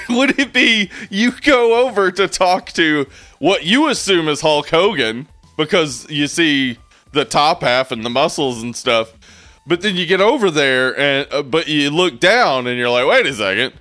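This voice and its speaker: Animated, joking man podcast co-host. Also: fairly high pitch, measured pace, no echo. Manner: joking, laughs often, swears. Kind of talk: casual podcast chat.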